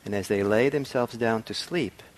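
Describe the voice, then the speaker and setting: Soft-spoken man with a low voice. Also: normal speed. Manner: soft-spoken, reflective, with frequent ums and restarts. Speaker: meditation teacher. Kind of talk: dharma talk. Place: meditation hall.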